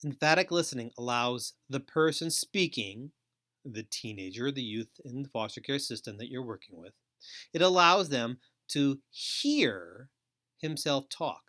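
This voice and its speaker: A man giving a recorded lecture as a foster care educator, speaking deliberately and repeating key phrases. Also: medium pitch, lively intonation, sharp tone.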